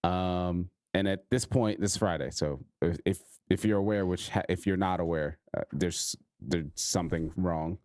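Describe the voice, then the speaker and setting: A man in his thirties co-hosting a podcast, speaking in an earnest, reflective, halting way in casual chat. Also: deep voice, darkish tone, no echo, studio quality. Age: 30s. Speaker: podcast co-host.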